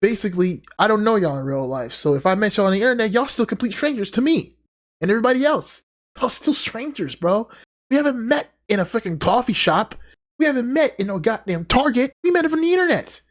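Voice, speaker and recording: Dude reacting to a vid, swinging his pitch all over, cussing. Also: a little fast. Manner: animated, profane interjections. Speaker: reaction streamer. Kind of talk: live reaction commentary.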